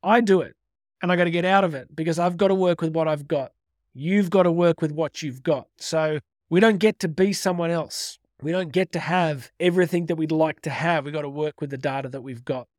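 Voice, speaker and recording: A middle-aged man giving an energetic motivational talk, emphatic and repeating his key phrases. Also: a little high, fairly quick, no echo, clean studio sound. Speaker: motivational speaker. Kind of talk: direct-to-camera motivational talk.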